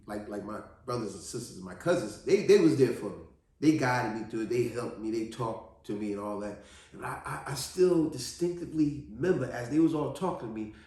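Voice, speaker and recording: A man telling a personal story in an earnest, animated monologue, often restarting his sentences. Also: mid-range voice. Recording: very echoey room.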